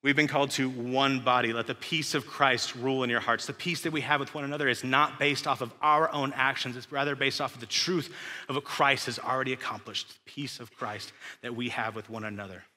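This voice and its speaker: A man's voice: medium pitch, fairly even intonation, brisk, bright, forceful tone. A young man preaching a casual, emphatic sermon full of rhetorical questions, recorded in a church sanctuary. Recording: echoey church hall.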